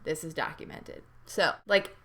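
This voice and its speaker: A young woman with a bright, forceful voice recaps a reality show in a loose, rambling vlog. She swears freely and jumps between jokes and asides. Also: sits low, unhurried. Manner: profane, rambling, animated. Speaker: TV recap vlogger.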